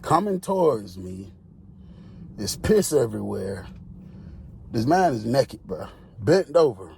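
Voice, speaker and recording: A man telling a prison story in a casual, slangy, animated way. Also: mid-range voice, slow pace, gravelly, slight background noise. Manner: animated, slangy, acts out quotes.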